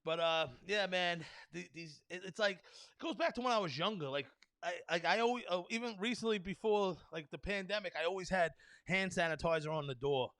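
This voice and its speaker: High-voiced, bright, profane ranting man. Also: brisk, no room sound. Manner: profane, rambling, with frequent fillers. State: tired. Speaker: podcast host. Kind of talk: solo podcast rant.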